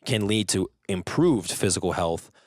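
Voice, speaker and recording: Animated man telling gym stories. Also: deep voice, moderate pace, dry recording, clean studio sound. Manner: animated storyteller, mimics people he quotes. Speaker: guest, jiu-jitsu competitor. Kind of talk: casual podcast conversation.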